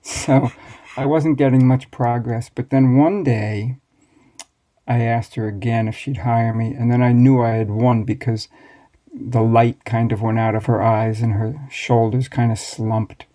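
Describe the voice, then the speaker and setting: An American man in his sixties, a master baker, telling stories from his past in a relaxed, wry way as an interview guest. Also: medium pitch, measured pace. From United States. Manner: relaxed, reflective, wry storytelling. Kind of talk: storytelling interview answers.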